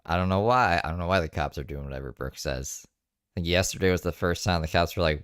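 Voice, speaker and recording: A man's voice: low voice, moderate pace, a bit bright, clean tone, dry recording. A man hosting a reaction commentary, making dry, sarcastic asides. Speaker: commentary host.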